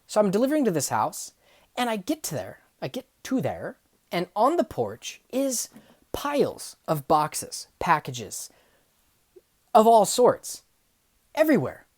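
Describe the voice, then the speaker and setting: A young woman telling funny workplace stories, acting out the people in them and swinging from hushed asides to loud outbursts. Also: mid-range voice, a little slow, no room sound, clean studio sound. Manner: animated, acts out dialogue, swings from hushed to yelling. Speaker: storyteller. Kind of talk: comedic storytelling vlog.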